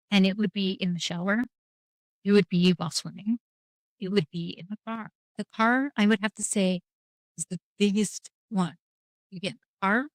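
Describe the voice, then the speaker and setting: A middle-aged woman's mid-range voice, free of room sound, carries a candid podcast conversation about grief in which she is the guest. Her storytelling is frank and wry, meandering through lots of quoted dialogue.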